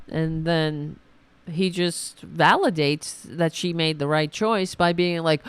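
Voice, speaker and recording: A woman hosting a political commentary podcast, ranting sarcastically and mocking opponents in high put-on voices. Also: animated, measured pace, clear, resonant tone, no room sound.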